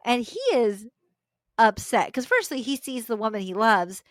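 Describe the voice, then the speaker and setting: A woman's voice: on the high side, moderate pace, no echo. A young adult woman, a podcast host, retelling a story casually with slangy asides and frequent laughter.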